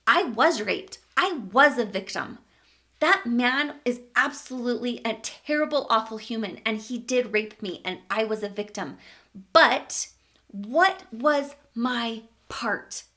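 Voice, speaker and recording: A woman's voice: fairly high pitch, animated, slow, sharp tone. A woman vlogger telling a personal story in a candid, emphatic way, swearing casually.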